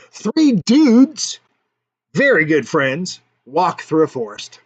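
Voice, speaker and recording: A man hosting a casual livestream, telling jokes and chatting with his viewers. His voice sits high and swings widely in pitch. The audio is dull and lo-fi. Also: a little slow. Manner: animated, playful, chuckles at his own jokes. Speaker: livestream host.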